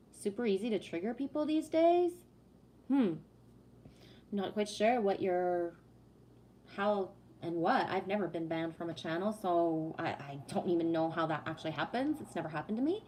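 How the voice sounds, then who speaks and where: A woman's voice: lowish voice, darkish tone, slight background noise. A woman in her forties hosting a livestream, telling a personal story in a casual, heated way with lots of swearing and then answering chat comments. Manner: profane, emphatic, heated. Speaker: livestream host reading chat.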